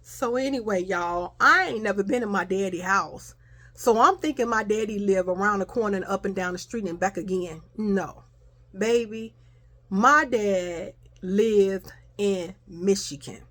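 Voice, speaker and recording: A young adult woman casually telling a childhood story to her viewers, animated and chatty. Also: mid-range voice, measured pace. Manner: animated, addresses viewers as y'all.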